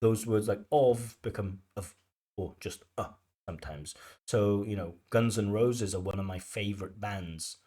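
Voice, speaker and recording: A man's voice: fairly low pitch, a little slow, warm tone, slightly rough. A man working as an IELTS examiner, talking through a recorded speaking test with a chatty, explanatory manner full of fillers. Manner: explanatory, chatty, many "you know" fillers. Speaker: IELTS examiner giving feedback.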